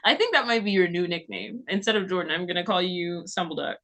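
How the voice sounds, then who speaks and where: A woman's voice: lowish voice, fast, fairly bright tone. A young woman hosting a podcast and running a tabletop game, chatting casually in a teasing, giggly manner. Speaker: podcast host, game master. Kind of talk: casual chat.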